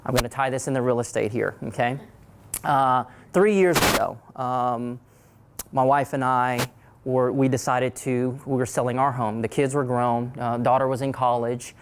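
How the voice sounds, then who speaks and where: A middle-aged man with an Oklahoma accent, telling his own story to an audience, animated and repeating key phrases for emphasis. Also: mid-range voice, moderate pace, noisy background.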